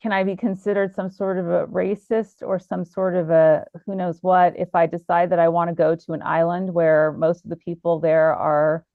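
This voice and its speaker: A woman's voice: lowish voice, little pitch movement, normal speed, few pauses, no echo. Woman guest, indignant, asks rhetorical questions; narrow phone-line sound. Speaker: podcast guest. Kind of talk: casual discussion.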